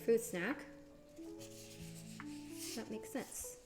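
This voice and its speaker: A chatty woman streams herself cooking and talks it through as she goes, answering her chat along the way. She jumps into high, excited exclamations when something catches her interest. Music plays clearly behind her. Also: takes it slowly. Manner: chatty, thinks aloud, reads chat and answers it. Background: background music.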